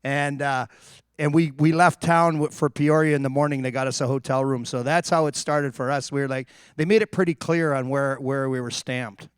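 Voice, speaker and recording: A man, a former hockey player, telling animated stories on a live stream and acting out the people he quotes. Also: mid-range voice, normal speed, smooth, no room sound, clean studio sound. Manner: animated anecdotes, acts out quotes.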